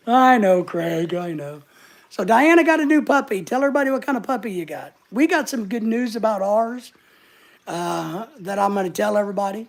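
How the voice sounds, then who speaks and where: A man hosts a casual livestream from his living room couch. He jokes around and reads out his viewers' comments. His voice has a gravelly, fry-edged texture. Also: high-pitched, animated, moderate pace. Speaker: livestream host. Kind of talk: casual live chat.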